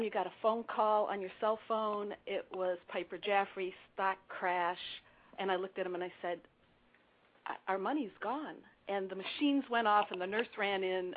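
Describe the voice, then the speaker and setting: Earnest woman storyteller on a phone line. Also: mid-range voice. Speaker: guest. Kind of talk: radio interview storytelling. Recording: phone-like narrow sound.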